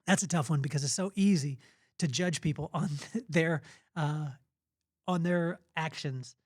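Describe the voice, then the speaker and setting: A middle-aged podcast host with a voice on the high side speaks at a measured pace in a dry, clean studio recording. He delivers an earnest, emphatic motivational talk about faith in a conversational style.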